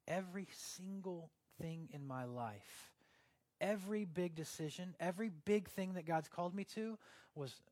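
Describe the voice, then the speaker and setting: A man preaching a sermon in a conversational way, swinging from loud emphasis down to a hushed, near-whispered delivery. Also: high voice, measured pace, no echo. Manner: conversational, with fillers like "like" and "uh". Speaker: pastor.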